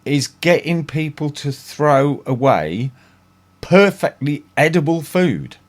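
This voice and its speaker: A man's voice: a little high, lively intonation, slow. A man hosting a casual chat show, laid back, bringing guests onto a call. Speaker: host.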